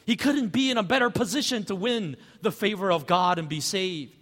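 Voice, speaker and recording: A man preaching a sermon as pastor, conversational and animated, asking rhetorical questions. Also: sits high, moderate pace, long reverb tail.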